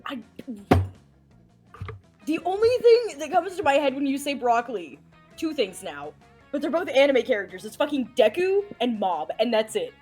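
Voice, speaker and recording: A woman's voice: sits high, sing-song, normal speed, pauses often, faint music behind. A woman joking and swearing while playing a party game with friends. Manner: loud, joking, swears a lot. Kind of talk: casual group game stream banter.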